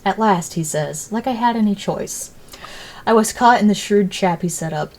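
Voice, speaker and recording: A woman narrating a story in the first person with an even, deliberate reading. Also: medium pitch.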